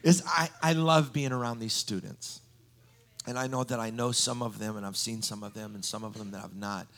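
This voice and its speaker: Male preacher, low gravelly tone, rambling storyteller style sermon. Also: steady tone, moderate pace, fairly bright tone. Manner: storytelling with frequent ums and restarts. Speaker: guest preacher.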